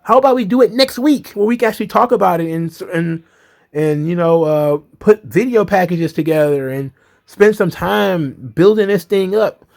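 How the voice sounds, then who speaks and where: Brief: man ranting about wrestling, blunt and profane, slightly high voice. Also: normal speed, gravelly, darkish tone. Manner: blunt, exasperated, swears freely. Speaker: wrestling commentary host. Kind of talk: casual profane commentary.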